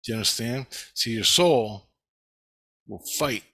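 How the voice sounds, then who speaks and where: Rambling, swearing man, bright tone. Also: mid-range voice, expressive, measured pace. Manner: rambling, swears a lot, acts out quoted lines. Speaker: vlogger recounting dreams. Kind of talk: rambling monologue.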